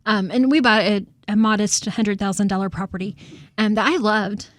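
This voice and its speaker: Lady co-hosting a podcast, chatty, laughs a lot, average pitch, dry close mic. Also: steady tone, normal speed, no echo. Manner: chatty, laughs often, repeats words when starting. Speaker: co-host and real estate agent. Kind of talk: casual podcast chat.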